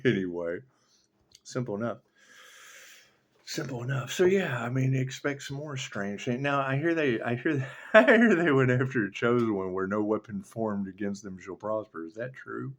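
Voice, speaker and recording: A man's voice: medium pitch, expressive, moderate pace. A man who reads tarot, ranting in a casual, sardonic and profane way that rambles from one thought to the next. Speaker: tarot reader. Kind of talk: casual spiritual rant.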